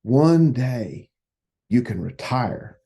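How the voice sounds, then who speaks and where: A man's voice: mid-range voice, very animated, drawn-out words, vocal fry, mellow, breathy edge, exaggerated voice. A man voicing a pushy male railroad boss in a spoken anecdote. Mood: coaxing.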